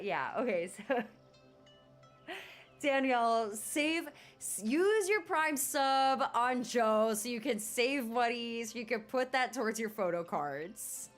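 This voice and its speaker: Bubbly young woman streamer, lively up-and-down voice, chatty, faint music behind. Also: fairly high pitch. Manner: bubbly, chatty, many fillers and laughs. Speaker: livestream host. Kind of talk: casual chat while gaming.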